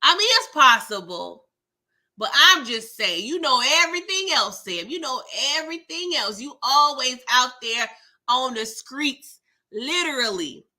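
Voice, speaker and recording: A woman's voice: sits high, animated, measured pace, sharp tone. A woman hosting a casual live recap of a TV episode, talking in a sassy, slangy, exasperated way. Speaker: TV recap host.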